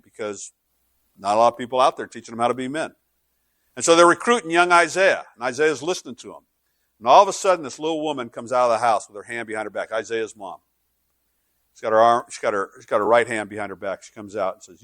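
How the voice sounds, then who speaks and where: Guy pastor preaching, chatty story mode then fired up, dry close mic sound, mid pitch. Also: fast talker, a bit bright, no echo. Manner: conversational storytelling, building to fervent preaching. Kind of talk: sermon.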